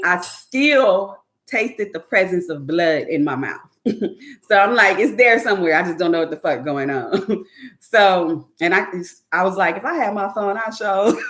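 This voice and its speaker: Woman host, casual and profane, very lively pitch. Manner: animated, profane, laughs often, mimics others. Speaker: podcast host. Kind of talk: casual storytelling chat.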